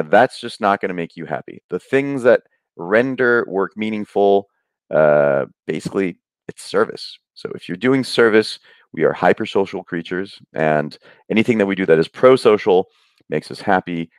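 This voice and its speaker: A man's voice: low voice, no echo. A middle-aged man, a guest on a conversation podcast, explaining ideas on happiness through anecdotes and acting out the voices of people in his stories. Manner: animated storyteller, acts out quoted voices.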